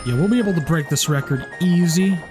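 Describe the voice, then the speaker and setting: A man's voice: a little high, brisk. A man giving casual let's play commentary, rambling with many restarts and fillers. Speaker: gameplay commentator. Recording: game music playing behind.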